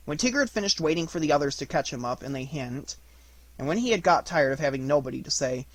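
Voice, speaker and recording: Man reading a storybook aloud, animated. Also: medium pitch, fairly quick, no room sound. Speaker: audiobook reader. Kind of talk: storybook narration.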